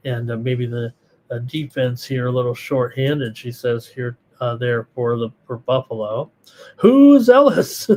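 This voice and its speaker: A man's voice: medium pitch, flat delivery, unhurried, a little mellow. A middle-aged man hosting a live sports betting show, rambling through picks and viewer chat with lots of fillers and restarts. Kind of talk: live solo betting analysis, reading chat.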